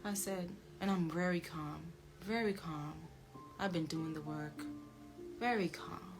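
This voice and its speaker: A young woman vlogging a personal story in a casual, animated and blunt way, with swearing. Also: on the low side, unhurried. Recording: music playing underneath.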